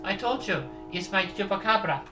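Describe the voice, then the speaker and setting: A woman voicing a reserved young male scientist with a put-on German accent, speaking in a measured, polite, guarded way. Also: mid-range voice, lively intonation, music in the background, close to an everyday voice, low-quality recording.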